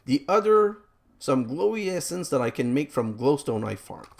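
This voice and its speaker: A man's voice: mid-range voice, expressive, moderate pace, creaky, mellow, a little hiss or hum. A man giving rambling, self-mocking let's play commentary as he plays a game, groaning about his own mistakes.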